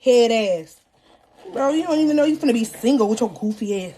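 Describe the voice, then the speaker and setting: High-voiced woman telling a slangy story. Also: fairly quick, husky. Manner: slangy and animated, keeps addressing the crowd. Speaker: podcast host. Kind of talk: live storytelling to an audience.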